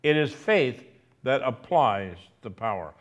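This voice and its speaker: A man preaching a sermon, speaking slowly and deliberately and repeating key phrases for emphasis. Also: mid-range voice, big pitch swings.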